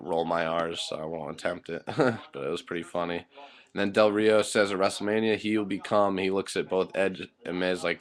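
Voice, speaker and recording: A man's voice: low-pitched, a bit bright. A man giving a casual spoken recap of a wrestling show, rambling with lots of fillers and blunt swearing.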